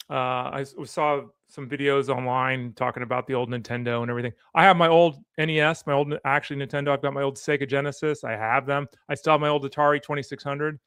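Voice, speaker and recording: A man's voice: a little high, gravelly, a bit bright, smooth, no room sound, studio quality. A man hosting a sports show, chatting casually while opening card packs, rambling and easily sidetracked. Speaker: sports podcast host.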